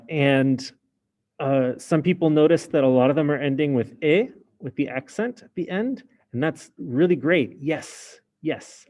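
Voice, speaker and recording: A man's voice: mid-range voice, mellow. A man teaching a French class in a casual explaining way, with many fillers. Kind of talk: recorded class lesson.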